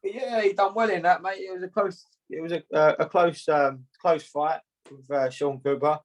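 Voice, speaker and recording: A man's voice: fairly high pitch, fairly even intonation, low-quality recording. Easygoing man saying "mate". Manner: laid-back, says "mate" a lot, halting with fillers. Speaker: boxer being interviewed. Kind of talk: casual interview chat.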